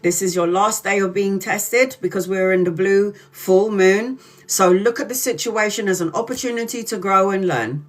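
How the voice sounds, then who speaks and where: Woman doing a live tarot reading, swears a lot, stretches out words to hammer a point home. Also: medium pitch. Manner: blunt and profane, emphatic; drawls key words slowly for emphasis. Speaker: tarot reader.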